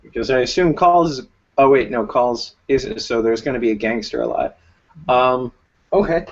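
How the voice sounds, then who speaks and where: A man running a tabletop game as game master, relaxed and thinking aloud with fillers. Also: medium pitch, moderate pace. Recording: dull lo-fi recording.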